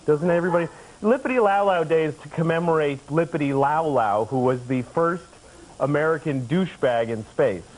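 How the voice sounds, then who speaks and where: A man in his thirties from the Boston area, a comedian guest telling absurd stories deadpan, rambling along and now and then yelling. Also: on the high side, a little fast, low-quality recording. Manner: deadpan, rambling with sudden yelled bits. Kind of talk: deadpan absurd talk-show storytelling. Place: TV studio. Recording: old VHS broadcast with tape hiss.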